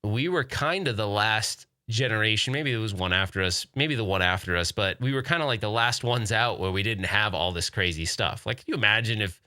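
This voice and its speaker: A man's voice: on the low side, brisk, hardly any pauses, pushed and bright, dry recording, clean studio sound. A man in his forties hosting a podcast, rambling casually through listener questions and laughing often. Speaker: podcast host. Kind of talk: casual chat reading live chat questions.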